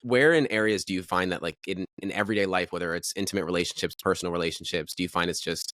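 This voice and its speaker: A man's voice: deep voice, fast, a bit bright, dry recording, clean studio sound. A young man hosting a podcast, asking eager questions with lots of filler words. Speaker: podcast host. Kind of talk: interview questions.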